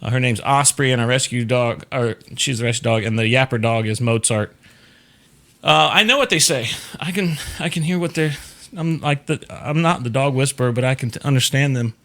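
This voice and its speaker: Bright-voiced rambling male host. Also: mid-range voice, brisk. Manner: rambling, chuckling. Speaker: show host. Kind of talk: casual livestream chat.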